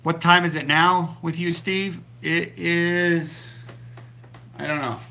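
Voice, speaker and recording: A man's voice: a little high, fairly even intonation, slow pace, gravelly, sharp tone. A middle-aged man hosting a casual live stream about the keto diet, rambling along with many ums and restarts. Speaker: keto diet channel host.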